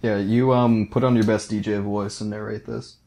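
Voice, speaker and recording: A man's voice: lowish voice, little pitch movement, moderate pace, creaky, warm tone. A man co-hosting a live stream, making short, offhand remarks. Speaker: co-host. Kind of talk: casual live-stream chat.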